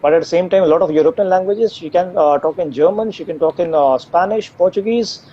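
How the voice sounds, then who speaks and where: Hesitant man with a mellow voice. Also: sits high, a little fast. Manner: hesitant, many fillers and restarts. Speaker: AI company co-founder guest. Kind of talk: live Q&A interview answers. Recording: dull lo-fi live stream audio with faint noise.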